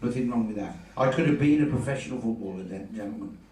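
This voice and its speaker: An older man doing live stand-up comedy, telling stories briskly with cheeky punchlines. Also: mid-range voice, lively intonation, a loud crowd. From Cannock, English Midlands. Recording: echoey live room from far off, loud background.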